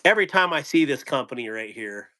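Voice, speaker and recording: A man's voice: medium pitch, expressive, fast, pushed and bright. A man hosting a casual live stream, rambling loosely and telling corny jokes to his viewers.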